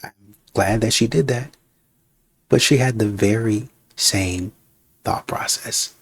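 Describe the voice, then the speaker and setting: A man's voice: fairly low pitch, takes it slowly, no echo. A man hosting a reaction video, giving casual, blunt, scolding commentary.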